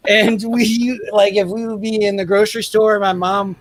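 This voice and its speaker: A young adult man co-hosting a podcast, telling family stories in a casual, animated way and acting out voices. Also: sits high, normal speed, no room sound. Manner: animated storyteller acting out his dad's lines. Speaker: podcast co-host.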